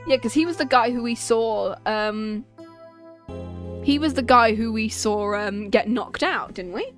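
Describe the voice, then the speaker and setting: A woman's voice: on the high side, measured pace, music in the background. A woman streamer chatting casually while she plays, rambling through asides and restarts. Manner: rambling, self-interrupting asides. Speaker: game streamer. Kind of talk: casual game commentary.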